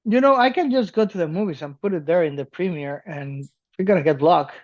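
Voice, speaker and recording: A man from South America co-hosting a podcast in casual chat, animated and laughing, swearing casually. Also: fairly high pitch, fairly quick, muffled recording. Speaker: podcast co-host.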